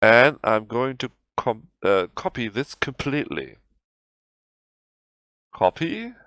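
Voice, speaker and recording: Slow German-accented man explaining software. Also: mid-range voice, very animated, no echo, studio quality. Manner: halting, self-correcting non-native English. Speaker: tutorial host. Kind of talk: screen-recorded software tutorial.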